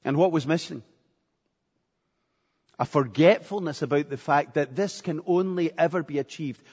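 A man preaching a sermon with earnestness, repeating phrases for emphasis. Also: a little high. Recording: echoey hall, dull lo-fi sound.

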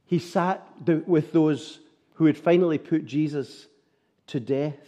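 A man's voice: a little high, a little slow, warm tone. A man preaching a sermon, earnest and full of rhetorical tag questions.

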